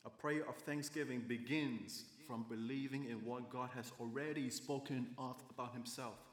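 A man's voice: mid-range voice, fairly even intonation, normal speed, echoey room. A man preaching a sermon as a pastor, earnest and building emphasis, with occasional self-corrections.

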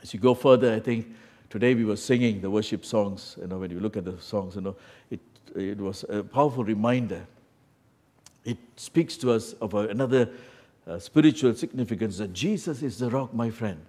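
A man preaching a sermon in a church, moving between loud emphatic lines and quiet asides, often saying "you know" and "my friend.". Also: on the low side, moderate pace. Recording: long hall reverb.

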